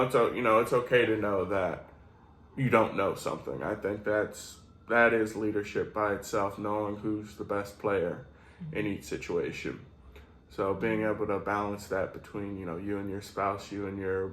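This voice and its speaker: A man's voice: lowish voice, steady tone, normal speed, fairly bright tone, roomy sound, poor audio. A man co-hosting a casual chat, talking in an easygoing, rambling way. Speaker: co-host.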